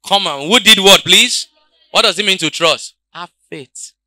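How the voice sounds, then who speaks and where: A man preaching a sermon, calling out questions to the congregation and swinging between quiet, low passages and loud shouts. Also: unhurried, dry recording. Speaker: pastor.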